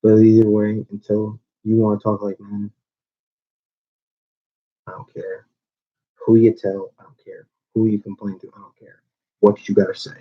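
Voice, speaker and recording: Flat and low, with long pauses and normal speed, a man who runs a small wrestling channel records a rambling call-out rant aimed at a rival, restarting frequently. The sound is dull and lo-fi.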